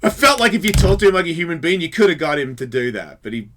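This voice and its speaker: A man hosting a radio show, telling a story in a casual and lively way, swearing freely and acting out the other people's voices. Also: fairly high pitch, quick pace, noisy background. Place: radio studio.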